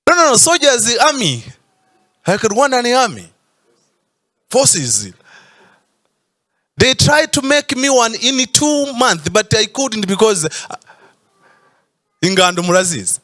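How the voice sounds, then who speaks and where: A man's voice: very high-pitched, big pitch swings, measured pace, pauses often, bright, forceful tone. A man preaching a sermon in church, stretching out emphatic phrases and sometimes breaking into a sung tone. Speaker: pastor.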